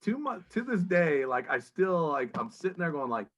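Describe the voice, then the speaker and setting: A man who is a guest on a podcast, telling lively stories and acting out other people's voices as he quotes them. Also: a little high, normal speed. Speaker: podcast guest, paintball pro. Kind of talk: animated storytelling.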